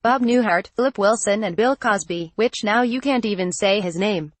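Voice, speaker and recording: A woman's synthetic-sounding voice reads a news article aloud from start to finish, photo credits and quoted punctuation included. The delivery is flat and read-out, at a middle pitch. The sound is dry and close, with no room around it. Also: moderate pace, dry recording. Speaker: news reader. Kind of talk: text-to-speech article reading.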